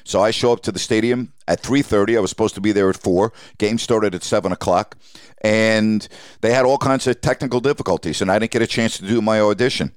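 A sportscaster in his sixties from Long Island, hosting his podcast and telling a lively story about his early career, acting out the people in it. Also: fairly low pitch, a little fast, smooth, no echo, studio quality. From Long Island, New York. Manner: animated storyteller who acts out quoted dialogue.

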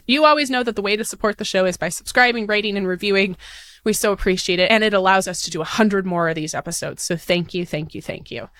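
A woman in her late twenties hosting a podcast, talking in a bubbly, excited, gushing way. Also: mid-range voice, dry recording. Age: 20s. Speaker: podcast host. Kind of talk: upbeat podcast monologue.

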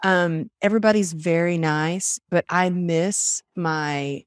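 Middle-aged woman guest, a bit low voice, chatty and animated, dry close sound. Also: takes it slowly, clean tone, no room sound. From Texas. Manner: animated storyteller, acts out quotes. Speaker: podcast guest, author and coach. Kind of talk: casual interview chat.

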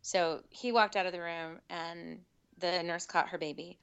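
Birth worker, woman, low-ish bright voice, animated storyteller. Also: unhurried, creaky, clear, resonant tone, muffled recording. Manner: animated, acts out quotes. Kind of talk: casual storytelling chat.

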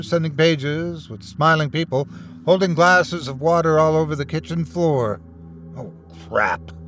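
A man's voice: fairly high pitch, a bit bright. A man hosting a horror podcast, reading a scary story aloud in a dramatic, suspenseful manner. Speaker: horror podcast host and narrator. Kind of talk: scripted horror story narration.

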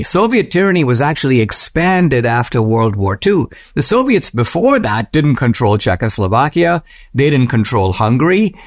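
A man hosting a commentary podcast, speaking in a measured, reflective way, with slow emphatic phrases and quotes read aloud. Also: sing-song, creaky, dry recording, studio quality. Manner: mimics a Western voice when reading quotes, rising high. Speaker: podcast host. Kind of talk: commentary reading quoted passages.

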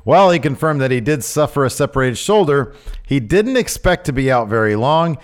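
A man co-hosting a wrestling news podcast in casual chat, excitable and jokey with quick reactions. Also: mid-range voice. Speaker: podcast co-host.

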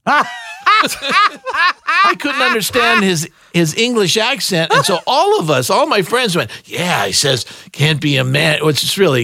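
An older man, a musician appearing as a podcast guest, chats casually in a high voice with lively intonation, speaking slowly with a pushed, bright quality and no echo. He tells rambling stories, laughs often and acts out quotes.

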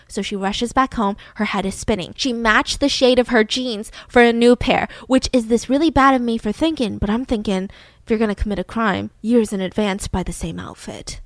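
A woman's voice: fairly high pitch, moderate pace, no room sound. Chatty woman telling a true-crime story. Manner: animated, chatty, slips into voices. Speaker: podcast host.

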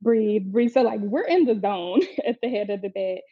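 Speaking at a normal speed and medium pitch, a young woman shares the story of giving birth, casual and forthright, regularly performing other people's lines in lively voices. The recording is a slightly dull, dry lo-fi capture with no echo.

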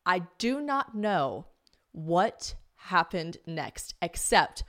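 A young woman hosting a podcast, telling a story in an animated, chatty way, full of "like" and swearing, acting out the voices of others. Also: lowish voice, extremely slow. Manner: animated, swearing, lots of "like", acts out quoted voices. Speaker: podcast host. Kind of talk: casual storytelling monologue.

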